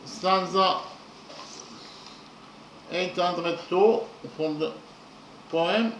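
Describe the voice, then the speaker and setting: Slow, halting man in an echoey room. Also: high-pitched, fairly bright tone, distant mic, a little hiss or hum. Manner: halting, repeats words with many fillers. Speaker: lecturer. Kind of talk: explaining poetry meter.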